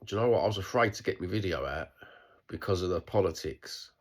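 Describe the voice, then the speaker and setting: A middle-aged man with a broad Cockney accent talks straight to camera in a rambling, unscripted video diary. His voice sits very low and has a husky, rough grain. He swears freely and keeps restarting his sentences. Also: quick pace. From East London, England. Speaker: vlogger.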